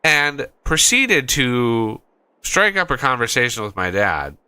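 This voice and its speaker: A man's voice: medium pitch, big pitch swings, a little slow, bright, forceful tone, clear, resonant tone, dry recording. A man hosting a gaming channel, chatting casually while he plays and telling a rambling story full of restarts. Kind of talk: casual chat while playing a game.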